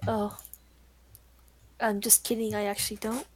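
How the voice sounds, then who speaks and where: A woman's voice: mid-range voice, flat delivery, a little slow, darkish tone, slightly rough. A woman playing in a tabletop game, chatting casually and hesitantly. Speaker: player.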